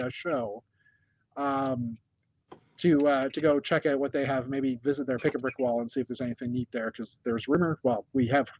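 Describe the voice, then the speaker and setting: A man's voice: fairly high pitch, no echo, dull audio. A man hosting a casual news chat from a hotel room, rambling with many fillers and restarts. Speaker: host.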